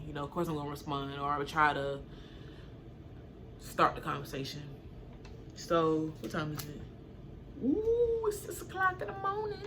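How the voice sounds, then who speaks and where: A young woman casually telling a story to camera, acting out what people said with sudden high jumps in her voice. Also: a little hiss or hum. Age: young adult. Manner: animated, acts out quotes with sudden high pitch jumps. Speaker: storytime vlogger.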